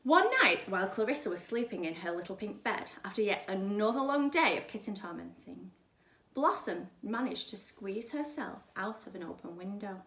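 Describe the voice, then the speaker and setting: A woman teacher reading a children's story aloud in a lively, expressive way, with chatty asides. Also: medium pitch, moderate pace, reverberant. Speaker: primary school teacher.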